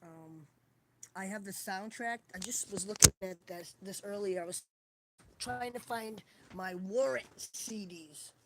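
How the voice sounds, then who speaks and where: A woman talks loosely on a home live stream, drifting from one thought to the next as she hunts around her room. Her voice sits at a middle pitch and comes through a phone mic with a faint hiss behind it. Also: a little slow. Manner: chatty, wandering, searches while talking. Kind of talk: rambling casual live stream chat. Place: at home, indoors.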